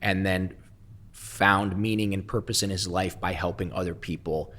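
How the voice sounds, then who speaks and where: A man's voice: low-pitched, steady tone, normal speed, bright, forceful tone. A man telling his life story as an interview guest, blunt and heavily profane with emphatic swings. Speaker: guest, entrepreneur.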